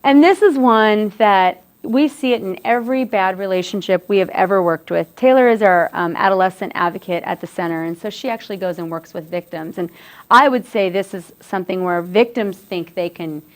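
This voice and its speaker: A woman gives a relaxed, conversational educational talk to a group of students. Her pitch sits in a middle range, and she often circles back and restarts her phrases as she explains. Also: a little fast. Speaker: presenter on dating violence.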